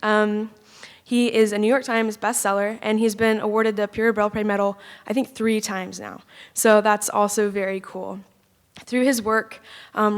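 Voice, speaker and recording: A woman introducing a keynote speaker at a conference in a casual way, with filler ums. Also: medium pitch. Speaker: event host introducing the speaker.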